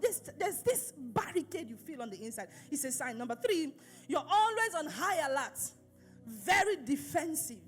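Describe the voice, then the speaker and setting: High-voiced, lively woman pastor preaching. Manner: emphatic, repetitive preaching with rhetorical questions. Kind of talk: sermon.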